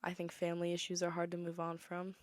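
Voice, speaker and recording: A teenage girl talks through her own podcast in a chatty, opinionated way. Her voice sits a little low for a woman. The recording is dry and close, with no room sound around her. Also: completely flat delivery, fast, no room sound. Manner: chatty, opinionated, breaks into song. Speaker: podcast host. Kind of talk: casual solo podcast monologue.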